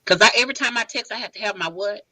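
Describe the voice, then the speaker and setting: A woman guest on a podcast, giving emphatic, animated advice in casual chat. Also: medium pitch, very fast, no room sound, low-quality recording.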